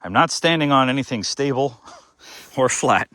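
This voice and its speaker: A man's voice: mid-range voice, expressive, normal speed, pushed and bright, dry recording, clean studio sound. A man narrating to himself while building outdoors on a slope, wry and joking, a little short of breath. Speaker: DIY builder vlogger. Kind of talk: casual self-narration while working.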